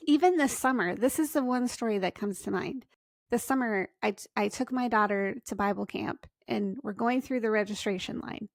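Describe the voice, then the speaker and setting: A woman's voice: a little high, moderate pace, creaky, no echo, clean studio sound. A woman hosting a podcast, chatting and telling a story with laughter. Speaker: podcast host. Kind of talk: casual interview chat.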